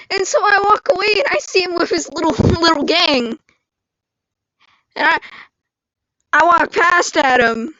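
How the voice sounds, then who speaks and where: High-voiced woman telling a story slowly. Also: dry recording, muffled recording. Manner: animated storytelling, acting out quoted lines. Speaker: vlogger. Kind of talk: storytime live stream. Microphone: screen-recorded live stream mic.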